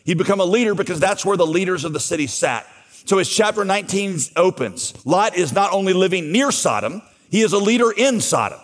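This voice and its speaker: A man's voice: high voice, animated, a little fast. A man preaching a sermon, telling a Bible story and voicing its dialogue as he goes. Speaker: pastor. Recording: long hall reverb.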